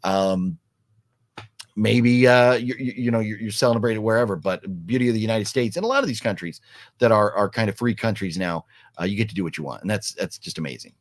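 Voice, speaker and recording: A man's voice: on the low side, lively intonation, brisk, no room sound. Rambling man chatting on a live stream. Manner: rambling, many fillers and restarts. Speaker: vlogger reading live chat. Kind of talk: casual live-stream chat.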